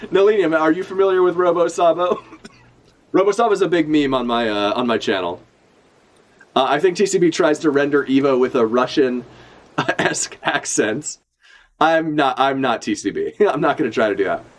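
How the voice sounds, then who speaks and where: Lively, casual young male streamer. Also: medium pitch. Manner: casual, profane, full of fillers. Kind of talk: live reaction commentary.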